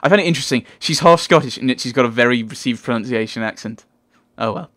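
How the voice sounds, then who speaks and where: A man reading a visual novel aloud as a let's player, chatty and quick to laugh at his own slips. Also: mid-range voice, fairly bright tone.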